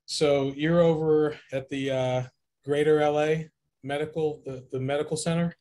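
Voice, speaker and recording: A man's voice: fairly high pitch, fairly even intonation, normal speed, warm tone. A man hosting an online discussion over a video call, affirming his guests and putting questions to them in a conversational way. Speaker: host.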